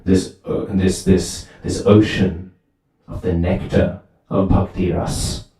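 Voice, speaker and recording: A man giving a sermon at a temple, telling a story lively and often asking "right?", heard from far off in a very echoey hall. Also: deep voice, takes it slowly. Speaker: temple speaker.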